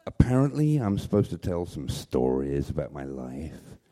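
Deep, dark-toned man, animated, jokey storyteller at a small club. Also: moderate pace, no echo. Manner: rambling, joking, self-mocking. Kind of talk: live comic storytelling.

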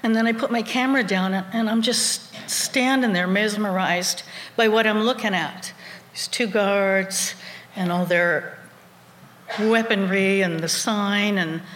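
An animated woman recounting a personal adventure on stage, her voice at a middle pitch. She chuckles through her own story, and the sound echoes around a roomy hall with a long reverb and faint ambience. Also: unhurried, slight background noise.

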